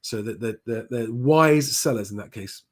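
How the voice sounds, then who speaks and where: A man hosts a live stream, answering viewer questions in a relaxed, conversational manner and saying "um" a lot. His voice is medium-pitched and his speed normal.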